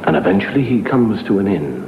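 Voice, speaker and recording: A man telling a comic horror story with a dramatic delivery, dropping to a hushed whisper and swelling again. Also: lowish voice, big pitch swings, a little fast. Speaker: comedian storyteller. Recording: dull hissy old TV recording.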